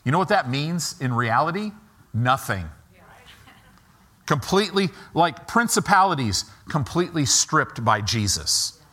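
Bright-voiced, lively preaching man. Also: a little high, measured pace. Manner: emphatic, repetitive, call-and-response preaching. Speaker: pastor. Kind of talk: sermon.

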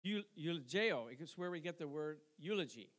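High-voiced man preaching conversationally. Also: lively intonation, moderate pace, fairly bright tone. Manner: conversational preaching with call-and-response asides and chuckles. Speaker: pastor. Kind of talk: sermon.

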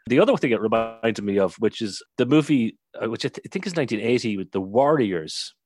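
Low-voiced man hosting, relaxed. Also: fairly quick. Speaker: podcast host. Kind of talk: casual chat.

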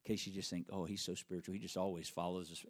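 A middle-aged man preaching a sermon, telling a personal story and swinging from loud emphatic peaks to hushed, near-whispered lines. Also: sits low, flat delivery, racing. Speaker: pastor.

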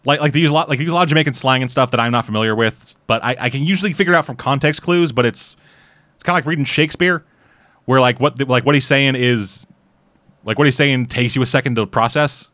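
In a dry recording, a Canadian man talks fast with a medium-pitched, slightly bright voice. He hosts a podcast where he casually reviews a series through rambling, profanity-laced chat packed with restarts.

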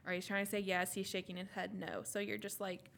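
Young woman co-host, bright clear tone, animated storyteller, casual chat. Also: medium pitch, a little fast. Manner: animated, laughing, acting out quotes. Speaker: podcast co-host.

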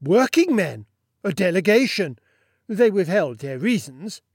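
Pitched above his own voice and heavily exaggerated, a man's high, very animated, slightly rough delivery brings a boastful, pompous little Sultan to life in an audiobook. He speaks a little slowly, in a bossy, self-satisfied way. There is no room sound and the recording is studio quality.

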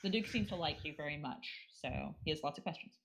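American woman, podcast co-host, lowish voice, teasing and playful. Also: quick pace, gravelly, a crowd in the background. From United States. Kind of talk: casual chat.

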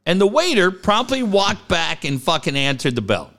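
In a casual chat, a Cardiff man tells a story in a high, bright, sing-song voice that leaps all over the place. He speaks a little slowly, swears freely, laughs, and acts out the voices of the characters.

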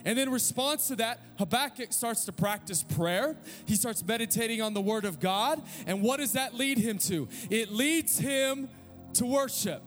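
High-voiced, animated male preacher in a hall. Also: normal speed. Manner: animated and conversational, prompting audience responses; humorous everyday comparisons. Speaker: pastor. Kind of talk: sermon. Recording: long hall reverb with faint music.

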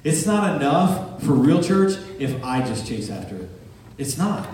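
A man's voice: mid-range voice, very animated, unhurried, a little mellow, a little hiss or hum. A man preaching a sermon as pastor, talking plainly with humor and building emphasis. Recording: echoey church hall from far off, with guitar.

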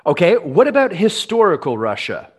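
A man's voice: sits high, huge pitch swings, normal speed, breathy edge. A man hosting a casual podcast over a video call, rambling with fillers and restarts. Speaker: podcast host.

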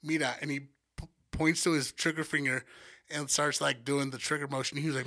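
A man's voice: fairly high pitch, little pitch movement, brisk, sharp tone. A man hosting a podcast, telling a story in casual chat, cursing freely and acting out quotes with animation. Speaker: podcast host.

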